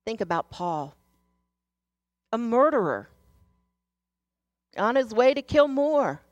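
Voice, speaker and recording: A woman giving a sermon in an earnest, storytelling way, moving between hushed passages and emphatic ones. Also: on the high side, big pitch swings, takes it slowly, no room sound, muffled recording. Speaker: speaker sharing a devotional message.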